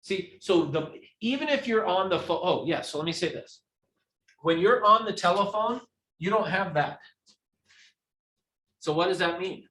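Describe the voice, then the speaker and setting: A man's voice: high voice, expressive, moderate pace, long pauses, sharp tone, a little hiss or hum. A man teaching a live real estate training class who acts out examples as he explains them. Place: training room. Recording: echoey room.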